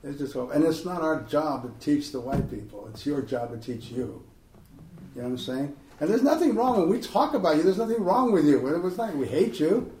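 A man, an author, giving an animated, jokey talk and Q&A to a live audience, slipping into impressions. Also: on the high side, normal speed, a little hiss or hum. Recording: roomy hall, voice from a distance.

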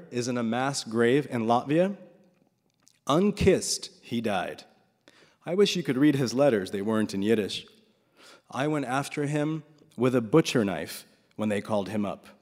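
A man voicing a fierce, defiant old Russian grandfather, speaking loudly and emphatically. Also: mid-range voice, big-room sound, natural voice.

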